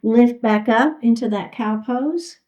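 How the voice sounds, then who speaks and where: A woman's voice: a little high, slow pace, darkish tone, low-quality recording. A woman teaching a chair yoga class, giving encouraging step-by-step cues for each move. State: a little out of breath. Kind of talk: guided fitness class instruction.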